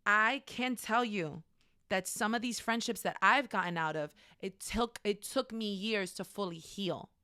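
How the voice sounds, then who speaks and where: A woman's voice: medium pitch, a little slow, pushed and bright, smooth, no room sound, studio quality. A woman teaching a faith-based class in a frank, conversational way, speaking straight to her listeners. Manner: acts out quoted voices.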